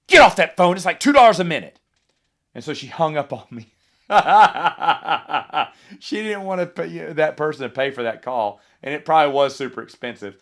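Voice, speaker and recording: Rambling nostalgic man, casual podcast talk. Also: fairly high pitch. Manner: rambling storyteller, lively asides. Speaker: podcast host.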